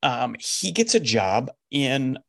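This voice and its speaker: Speaking slowly with a creaky, medium-pitched voice, this middle-aged man coaches people and hosts a podcast. In casual conversation he tells a story with animation, performing each bit of quoted dialogue.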